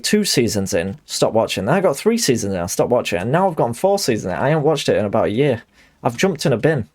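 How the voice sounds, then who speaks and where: A man's voice: mid-range voice, darkish tone. A young adult man, streaming a game and chatting in a rambling, self-deprecating way. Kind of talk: casual chat while gaming.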